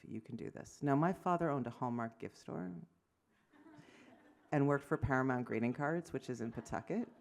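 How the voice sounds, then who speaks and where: Gravelly-voiced woman lecturing with animated stories. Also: rumbling low, normal speed. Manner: animated storytelling, acts out dialogue, self-deprecating asides. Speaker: physician giving an award lecture. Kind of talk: lecture to medical audience.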